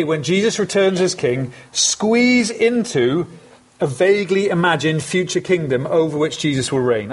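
Male preacher, slightly raised pitch, husky tone, earnest and conversational with emphatic asides. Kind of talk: sermon.

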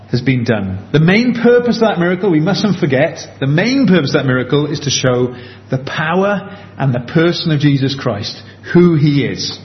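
A man preaching a sermon in an earnest, conversational way, slowing down on key points. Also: a little high. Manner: earnest, conversational, slows down for emphasis. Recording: dull lo-fi with faint background hiss.

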